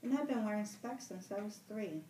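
A woman's voice: medium pitch, lively intonation, normal speed, mellow, a little hiss or hum, lightly acted. A woman voicing an anxious, chattering plump schoolboy with asthma, reading aloud from a novel. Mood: proud. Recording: roomy room, mic at a distance.

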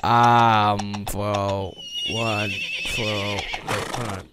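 A man giving casual let's-play commentary, chatty and excitable, often breaking into surprised exclamations. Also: lowish voice, extremely slow, heavy background noise. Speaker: gameplay commentator.

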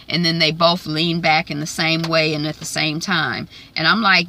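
Bright-voiced woman recapping a TV episode. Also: deep voice, flat delivery, moderate pace, hardly any pauses, a little hiss or hum. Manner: retells scenes and quotes characters in her own voice, with fillers. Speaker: TV recap host.

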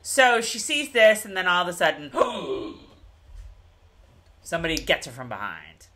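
A woman's voice: fairly low pitch, sing-song, a little fast, bright, forceful tone. A woman co-hosting a show, chatting casually and recapping an episode with lots of fillers and asides. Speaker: podcast co-host.

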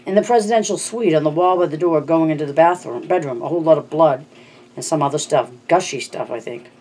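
An audiobook narrator voicing a frightened small boy who blurts out his story in halting bursts. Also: medium pitch, darkish tone, close to an everyday voice. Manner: blurting, halting, stumbling over words.

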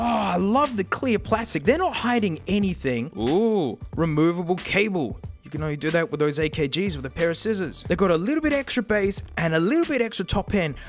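Australian man, casual tech vlogger, slangy and jokey, slightly high voice, faint music behind. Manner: chatty and jokey, with slang and sudden jumps in pitch. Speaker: tech reviewer. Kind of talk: casual product review vlog.

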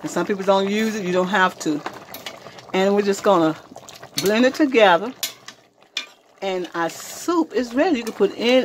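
A woman's voice: medium pitch, slight background noise. A woman hosting a cooking demonstration, chatting to her viewers in a homey, easygoing way as she cooks in her kitchen. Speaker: cooking show host.

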